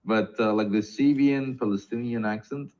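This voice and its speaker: A man's voice: medium pitch, moderate pace, darkish tone. A man talking in a casual live-stream chat, hesitant, with many repeated starts and fillers. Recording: dull lo-fi sound.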